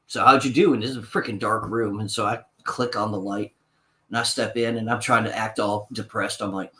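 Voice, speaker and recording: A man's voice: lowish voice, fairly bright tone. A man casually telling a long, profane anecdote on a podcast, acting out both sides of the talk. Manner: long-winded anecdote, swearing, acts out quotes. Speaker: podcast co-host. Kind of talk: casual storytelling.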